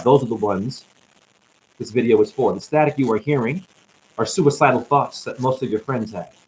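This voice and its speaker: A worn-out man freestyles a spiritual sermon on a livestream, chaining rhymes and puns and breaking into high whoops. His voice sits at an ordinary middle pitch and sounds drained. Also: fairly quick, a little mellow, a little hiss or hum, rough recording. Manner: rambling rhyming wordplay with sudden whoops. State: tired, drained. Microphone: static-laden livestream mic.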